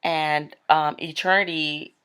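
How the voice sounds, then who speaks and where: A woman's voice: low-pitched, fairly even intonation, takes it slowly, fairly bright tone, clean tone. A woman giving a casual, rambling spoken testimony about a vision, full of "like" and "um". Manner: chatty, rambling, with frequent "like" and "um". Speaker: Christian speaker telling a vision.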